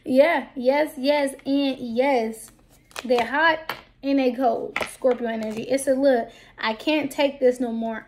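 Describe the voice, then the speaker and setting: A woman's voice: high voice, unhurried, a little hiss or hum. A woman giving a casual tarot card reading to her viewers, talking bluntly and with plenty of profanity. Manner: blunt, profane, lively talk.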